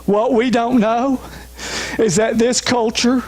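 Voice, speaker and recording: A man's voice: very high-pitched, steady tone, slow, a little mellow. A man, a pastor, preaching an emphatic sermon with repeated refrains. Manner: emphatic, repeats refrains, urges listeners to listen.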